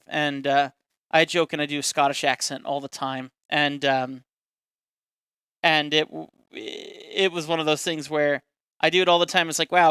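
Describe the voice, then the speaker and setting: A man's voice: fairly high pitch, bright, forceful tone, smooth, no echo, clean studio sound. A man casually chatting on a live stream while demonstrating a caricature drawing step by step, self-deprecating and talkative.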